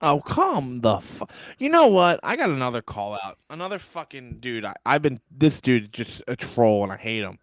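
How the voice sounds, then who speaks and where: Philly guy, sports pod co-host, lively and crude, dry close mic. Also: mid-range voice, moderate pace, hardly any pauses, dry recording. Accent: Philadelphia. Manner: profane, animated, laughs often. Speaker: podcast co-host. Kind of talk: casual sports chat.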